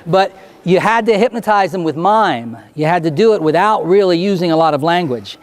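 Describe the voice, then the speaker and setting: A man speaking as a stage hypnotist, answering student questions and giving slow, deliberate hypnotic suggestions in a school auditorium. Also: sits high, lively intonation. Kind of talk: Q&A talk and hypnotic induction to students.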